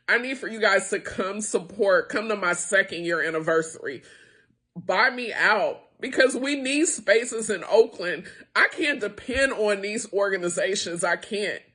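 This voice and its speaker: In a direct-to-camera plea, a middle-aged woman who started and owns a small business pours out her frustration, close to tears. Her mid-range voice comes across a bit bright and slightly rough.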